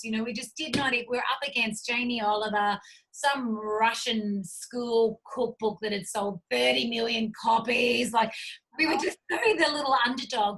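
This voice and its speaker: A woman's voice: fairly high pitch, fairly bright tone, husky, poor audio. A middle-aged Australian woman telling stories as an interview guest, effusive and full of "like" and "you know" fillers. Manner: effusive, gushing storyteller with many fillers. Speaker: guest, cookbook publisher. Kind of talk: casual interview talk.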